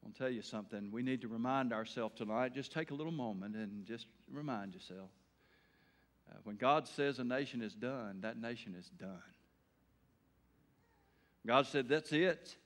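Folksy preacher man, bright tense voice. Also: medium pitch, normal speed, pauses often. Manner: folksy, swings between loud emphatic bursts and quiet earnest talk. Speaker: pastor. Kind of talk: evening sermon.

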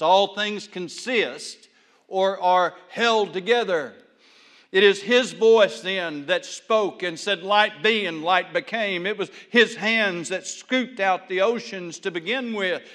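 Male pastor, folksy sermon, high voice, swings loud to hushed, long hall reverb.

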